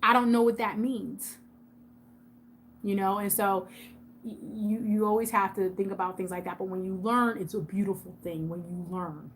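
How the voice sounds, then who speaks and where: A woman's voice: medium pitch, fairly even intonation, normal speed, slight background noise. Chatty woman on a casual live stream. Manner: chatty, addresses viewers by name, repeats herself for emphasis. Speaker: YouTube host on a livestream.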